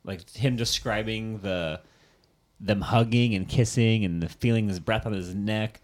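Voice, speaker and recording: Low-voiced man hosting casual chat. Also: measured pace. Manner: rambling, filler-heavy. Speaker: podcast host.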